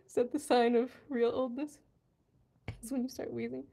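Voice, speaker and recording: A woman's voice: on the high side, little pitch movement, normal speed, creaky, dark tone. A young American woman chatting casually on a live stream, laughing hard and often, wheezing as she reads viewers' comments. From USA. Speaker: vlogger reading live chat.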